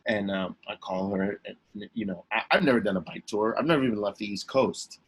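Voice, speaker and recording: A young man telling a story as a podcast guest, emphatic and lively, with many restarts. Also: lowish voice, a little fast, husky, poor audio. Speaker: guest, actor and comedian. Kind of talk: animated storytelling in a podcast interview.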